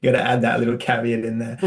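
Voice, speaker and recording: A man with an Australian accent interviewing a teacher in a casual conversation, speaking softly with hesitant fillers. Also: mid-range voice. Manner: soft-spoken, hesitant with fillers, laughs lightly.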